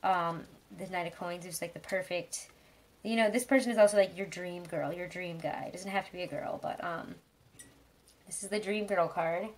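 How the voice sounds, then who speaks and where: A woman giving a casual tarot reading, chatty and rambling, with frequent fillers and soft laughs. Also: on the low side, fairly even intonation, normal speed, a little hiss or hum. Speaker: tarot reader.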